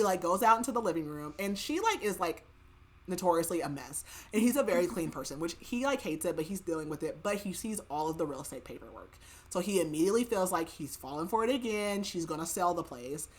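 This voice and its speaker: A woman's voice: fairly low pitch, big pitch swings, fairly quick. A woman hosting a podcast, casually retelling a novel's plot in a chatty way, quoting the characters' lines and filling her speech with "like". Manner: chatty, filler-heavy retelling with quoted dialogue. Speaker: podcast host. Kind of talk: casual book recap.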